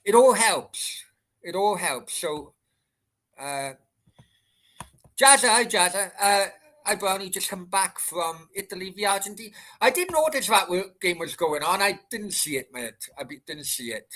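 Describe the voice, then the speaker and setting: A high-pitched, expressive Welshman talks at normal speed with a sharp tone. On his casual late-night livestream Q&A he answers chat while rambling, chatting, swearing freely, and restarting his sentences a lot.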